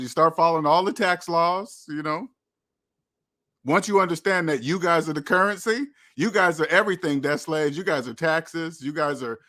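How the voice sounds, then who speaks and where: A man's voice: a little high, bright, forceful tone. A man hosting a money channel, lecturing viewers in a preachy, repetitive way and acting out imagined quotes. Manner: preachy, repetitive, addresses viewers as debt slaves. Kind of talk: motivational monologue.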